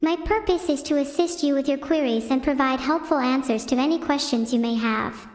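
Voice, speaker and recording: A woman's voice: sits high, fairly quick, lightly acted. A synthetic woman's voice doing a stiff AI assistant. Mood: formal. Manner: stiff and formal. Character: polite, formal AI assistant. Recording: echoey with long reverb.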